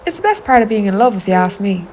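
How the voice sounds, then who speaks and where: A woman's voice: medium pitch, big pitch swings, fast, a little mellow, a little hiss or hum. A woman with an Irish accent narrating a confiding spoken-word monologue, intimate, wry and sweary. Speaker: narrator of an autofictional audio artwork.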